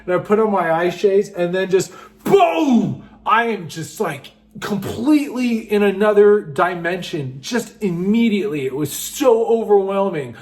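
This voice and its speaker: Man, high-pitched, casual storytelling, excitable, filler-heavy. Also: unhurried. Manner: excitable, animated, lots of fillers like "just" and "like". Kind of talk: casual first-person storytelling.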